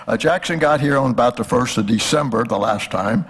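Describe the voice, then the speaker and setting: An older man giving a history lecture at a symposium, telling jokes in a folksy way and pausing often with fillers. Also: mid-range voice, a bit bright, slightly rough. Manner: folksy, hesitant with many fillers. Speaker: guest speaker, historian.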